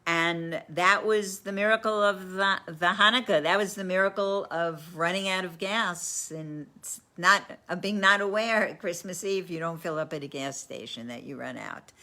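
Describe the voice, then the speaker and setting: A woman teaching a class tells a story with lively energy, often restarting her sentences and breaking into laughter. Her voice is bright and forceful, and it sits somewhat low for a woman.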